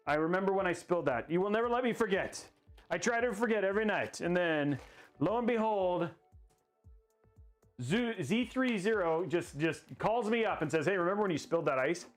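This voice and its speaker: Goofy high-voiced man livestreaming a PC build. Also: lively intonation, moderate pace. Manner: rambling, goofy, laughs at himself. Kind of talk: casual livestream chat. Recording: faint music behind the voice.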